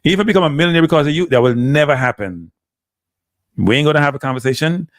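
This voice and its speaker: A man's voice: on the high side, animated, quick pace, dry recording, studio quality. A man with a Jamaican accent hosting a live stream, talking casually and switching between standard English and patois. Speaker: live show host.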